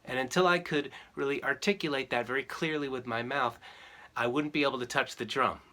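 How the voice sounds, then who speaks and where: Man teaching ukulele, calm and explanatory. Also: mid-range voice, fairly quick. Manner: chants rhythm syllables while strumming. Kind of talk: relaxed music lesson. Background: ukulele strumming.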